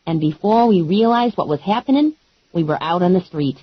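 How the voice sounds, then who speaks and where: A woman narrating an audiobook in first person with a wry, deadpan comic delivery. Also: fairly low pitch, fairly quick, breathy edge, no room sound, muffled recording.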